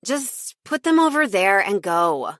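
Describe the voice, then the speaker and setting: A woman's voice: medium pitch, sing-song, unhurried, no echo, studio quality. A woman doing a tipsy, bossy teen girl. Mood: stern. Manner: stern, slightly slurred.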